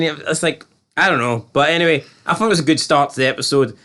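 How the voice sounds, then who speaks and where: Reviewing a TV episode on a podcast, this co-host speaks quickly in a fairly high voice. He rambles with disbelief, acting out scenes and putting on quoted voices as he recounts them.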